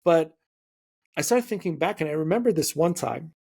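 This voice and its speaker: A man's voice: fairly high pitch, moderate pace, creaky, breathy edge. A man hosting a podcast, chatting casually and telling stories with lots of fillers and asides. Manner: storytelling, animated, many fillers. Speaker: podcast host. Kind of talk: casual interview conversation.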